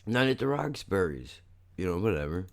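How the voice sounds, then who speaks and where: A man hosting a podcast, chatting casually and excitably with lots of swearing and laughter as he reacts to clips. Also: sits low, normal speed, vocal fry. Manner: excitable, profane, laughs often. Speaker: podcast host.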